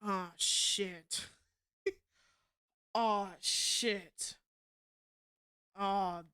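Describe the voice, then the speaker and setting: A young woman streaming live, talking to her chat in a loud, blunt, profane way and laughing often. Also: fairly high pitch, unhurried, long pauses.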